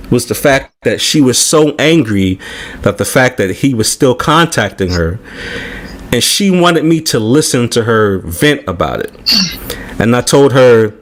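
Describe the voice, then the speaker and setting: Animated man telling a story. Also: medium pitch. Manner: animated, profane, keeps checking in with "right?". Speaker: podcast panelist. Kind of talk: casual storytelling chat.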